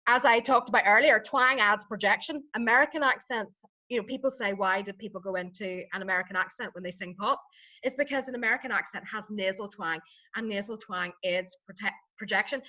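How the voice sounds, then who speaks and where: A woman's voice: a little high, fairly quick, pushed and bright, muffled recording. A woman with a Northern Irish accent, a vocal coach telling anecdotes and explaining things in casual podcast chat. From Northern Ireland.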